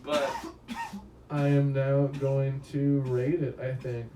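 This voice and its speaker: A man's voice: medium pitch, level tone, takes it slowly, distant mic. A man talks through a movie review in a loose, rambling way, swearing freely and chuckling at his own stories. His mid-range voice sits a little away from the mic. The room is echoey, with a faint hum of background noise. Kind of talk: casual spoken film review.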